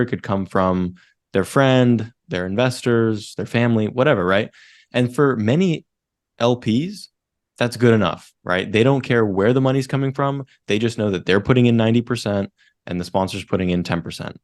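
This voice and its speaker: A young man co-hosting a business podcast, explaining things step by step in a measured way and often checking in with "right?". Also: on the low side. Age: young adult. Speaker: podcast co-host. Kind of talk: casual business podcast chat.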